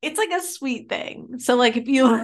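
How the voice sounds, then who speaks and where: A woman's voice: high-pitched, expressive, a little slow. Giggly young woman co-hosting a chat. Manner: giggly, chatty, says "like" a lot. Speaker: podcast co-host. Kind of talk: casual chat.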